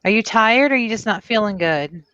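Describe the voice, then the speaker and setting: A woman on a livestream speaking in a soothing, calming way. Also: medium pitch, a little fast, clean tone, no room sound, highs cut off. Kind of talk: casual livestream chat.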